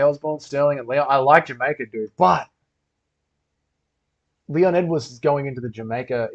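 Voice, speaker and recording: A man hosting a casual livestream, reading comments and rambling with lots of swearing. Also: fairly high pitch. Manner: loose, rambling, swears a lot. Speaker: livestream host. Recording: dull lo-fi stream audio.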